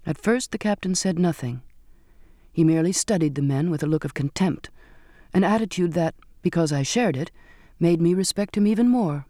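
A man giving a measured, steady first-person narration of a storybook. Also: fairly high pitch, no echo, clean studio sound.

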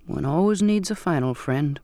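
A man reading an audiobook and voicing a soft-spoken, unsettling old sailor with a slow, courtly manner. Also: on the high side, expressive, no echo, studio quality. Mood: soft, coaxing. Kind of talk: audiobook character voice.

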